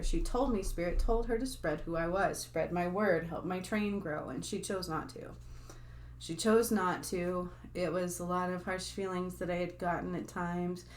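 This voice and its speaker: A woman with a fairly low-pitched voice talks informally to camera about her work as a spiritual healer, over a slight hiss or hum. Her talk is chatty and meandering, sprinkled with fillers and side remarks to viewers.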